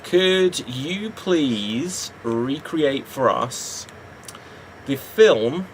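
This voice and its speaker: A man's voice: medium pitch, animated, drawn-out words, a little hiss or hum. A British man hosting a live improv comedy stream, chatty and upbeat, laughing often. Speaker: improv show host.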